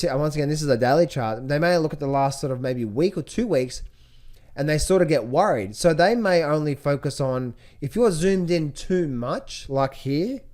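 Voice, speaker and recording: A man teaching trading as he walks through charts, repeating key phrases and asking rhetorical questions. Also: a little high. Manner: repetitive, rhetorical questions, animated pointing out. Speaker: trading educator. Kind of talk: screen-share chart walkthrough.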